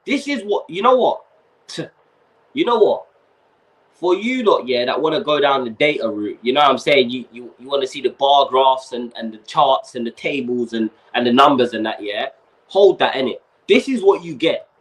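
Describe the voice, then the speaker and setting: A young man hosts a casual fan livestream, ranting in slang and swearing as the heat gets to him. His voice sits a little high and swings wildly up and down. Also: a bit bright. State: overheated. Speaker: fan channel host.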